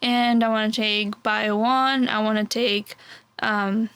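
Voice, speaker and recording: A young woman in her twenties with a slightly high voice talks loosely and casually. She fills her answers with "like" and "um" and keeps a relaxed, chatty flow. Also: takes it slowly, clear, resonant tone, dry recording. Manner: chatty, filler-heavy, relaxed. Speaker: interviewee.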